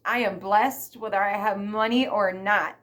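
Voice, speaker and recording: A woman's voice: mid-range voice, steady tone, unhurried, fairly bright tone. A middle-aged woman ranting in a vlog monologue, emphatic and repetitive, often checking in with "okay?". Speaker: vlogger.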